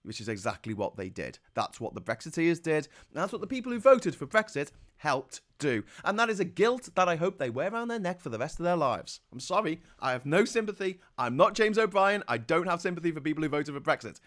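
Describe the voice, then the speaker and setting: A man's voice: fairly high pitch, a bit bright. A man hosting a political commentary show, ranting in an angry, sarcastic, blunt way.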